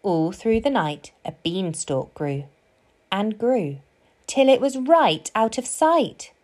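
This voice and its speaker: Woman storybook reader, slow, expressive, melodic read-aloud. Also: mid-range voice. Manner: slow, sing-song and expressive.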